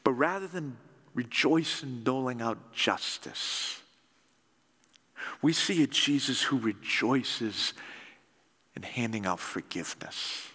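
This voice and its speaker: A man preaching a sermon in a lively, conversational storytelling way. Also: medium pitch, big-room sound. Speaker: pastor.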